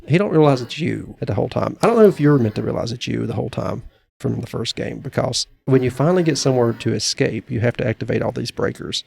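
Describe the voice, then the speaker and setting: Podcast guy just chatting, really gravelly fry in his voice, rambly, keeps restarting. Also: medium pitch, quick pace, a little mellow. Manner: rambling retelling with fillers and restarts. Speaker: podcast co-host. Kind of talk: casual chat.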